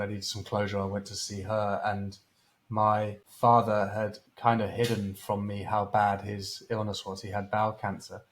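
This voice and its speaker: A man hosting a podcast who speaks in a gentle, sympathetic way and hesitates now and then. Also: lowish voice, low-quality recording. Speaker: podcast host. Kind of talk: casual interview chat.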